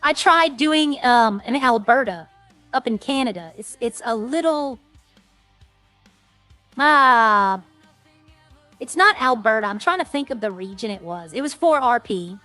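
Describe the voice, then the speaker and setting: A woman's voice: a little high, lively intonation, a little slow, pauses often, sharp tone, dry recording, faint music behind. A woman streamer rambling in casual, self-deprecating chat with her viewers.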